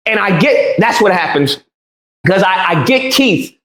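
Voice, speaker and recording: A man recounts a confrontation with lots of energy, his pitch leaping around as he acts out each person's lines. He laughs between the quotes. The clip has a roomy, echoey sound. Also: animated, unhurried, a bit bright. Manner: re-enacts exchanges in quoted voices, laughs while telling. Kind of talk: animated storytelling.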